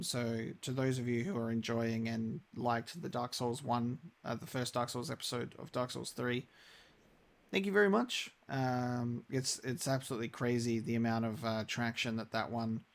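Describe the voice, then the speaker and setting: A man's voice: mid-range voice, steady tone, normal speed, gravelly. A young man chatting casually while live-streaming a game, rambling with many restarts.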